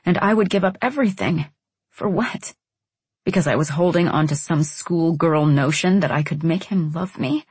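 Husky-voiced woman narrating an audiobook. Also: lowish voice, darkish tone, dry recording. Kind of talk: first-person audiobook narration.

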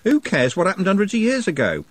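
A man voicing a brash young lad, breezy and dismissive, pushed up very high and bouncing around in pitch. Husky, dry close sound. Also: huge pitch swings, fast talker, no echo, full character voice.

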